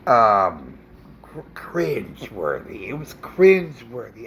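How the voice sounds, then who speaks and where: A man venting an indignant opinion rant in a vlog, halting with fillers and restarts. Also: medium pitch, expressive, fairly bright tone, a little hiss or hum. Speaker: vlogger.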